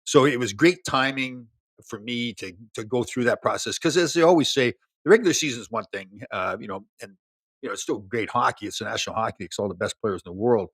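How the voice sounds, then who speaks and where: A man in his sixties, a former hockey player, telling lively stories as a guest in an interview. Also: medium pitch, quick pace, no echo. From Canada. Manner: animated storyteller, laughs, many restarts. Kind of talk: casual storytelling interview.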